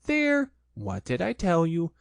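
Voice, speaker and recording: A man's voice: high-pitched, wildly swooping pitch, takes it slowly, vocal fry, clean tone, dry recording, clean studio sound, voice pushed up, exaggerated voice. A man voicing a motherly female kangaroo in a storybook reading, cheerful, soothing and firm.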